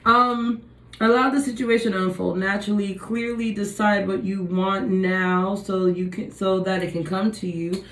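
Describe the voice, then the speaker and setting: A woman gives a relaxed tarot reading, musing aloud over each card. Her delivery is slow and drawn out. Her voice bounces around an echoey room with a faint hum of ambience behind it. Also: medium pitch. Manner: musing, thinks aloud while reading cards. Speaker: tarot reader.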